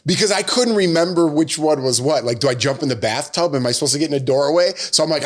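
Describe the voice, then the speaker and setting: A man's voice: fairly high pitch, fast, few pauses. A young man co-hosting a casual chat show, telling stories in a laid-back, jokey way and raising his voice to act out quotes. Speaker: podcast co-host.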